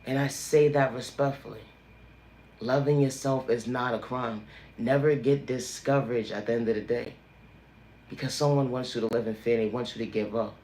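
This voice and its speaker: A man's voice: mid-range voice, fairly even intonation, normal speed, a little mellow, echoey room, a little hiss or hum. Preachy man with emphatic refrains. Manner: repetitive, emphatic, sermon-like refrains. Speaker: livestream host. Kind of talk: preachy motivational monologue.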